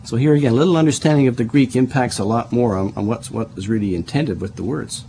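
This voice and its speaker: A man's voice: mid-range voice, fast talker, creaky, warm tone, a little hiss or hum. A middle-aged man preaching a Bible study sermon, explaining verse by verse, spelling out words and often repeating himself as he restarts.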